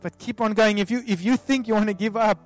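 A man as a pastor leading an altar call prayer, soft and pleading, repeating himself with many restarts. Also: high-pitched, steady tone, quick pace. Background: soft music.

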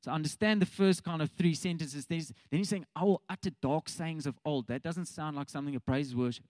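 Chatty South African preacher, dry sound. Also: male voice, a little high, a little mellow, dry recording. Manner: casual, chatty, addresses congregation directly. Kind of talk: conversational sermon.

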